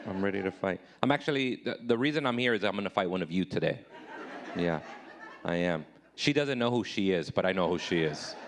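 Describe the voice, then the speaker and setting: A man in his thirties performing a live stand-up comedy set, self-deprecating, jumping high and loud when he acts out his own replies.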